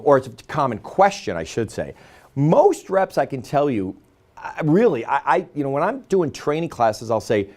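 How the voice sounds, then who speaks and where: A man talking to camera as a sales trainer, telling stories and acting out quoted lines in casual speech. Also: medium pitch. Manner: fast, animated storytelling with quoted dialogue.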